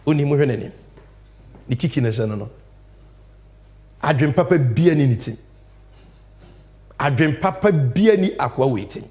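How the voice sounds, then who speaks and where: A man's voice: mid-range voice, lively intonation, normal speed, pauses often, darkish tone. A Ghanaian man hosting a political talk show, making emphatic commentary and switching between English and Twi with sing-song stresses. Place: studio.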